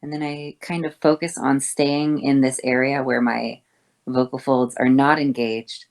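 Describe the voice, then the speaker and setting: A woman voice teacher explaining vocal fold exercises, moving between a harsh, thick sound and a soft, thin one, over a voice call. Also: very deep voice, fairly even intonation, a little slow. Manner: switches between harsh fry and soft breathy tones.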